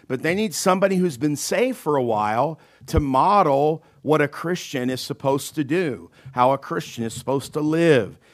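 A man's voice: fairly high pitch, normal speed, few pauses. A man preaching a sermon in a conversational way, checking in with "okay?" and acting out the voices in the scripture he reads. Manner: acts out panicked and calm voices in quotes. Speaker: pastor.

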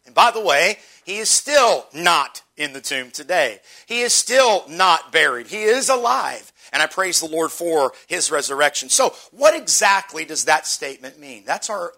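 A man's voice: fairly high pitch, bright, forceful tone. A man pastor preaching an earnest Easter sermon, repeating and drawing out key words for emphasis.

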